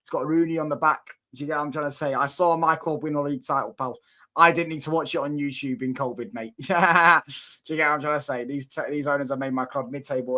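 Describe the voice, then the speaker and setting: A man's voice: medium pitch, pushed and bright. A young man with a Manchester accent casually bantering with viewers on a football livestream, teasing and cocky, full of slang. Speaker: football channel host reading live chat.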